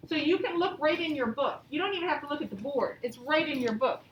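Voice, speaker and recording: A woman teaching a grammar lesson to young pupils, patient and encouraging, reading example sentences out slowly. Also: high-pitched, dull audio, a little hiss or hum. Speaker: elementary school teacher. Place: classroom, also streamed to pupils at home. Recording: echoey classroom from far off.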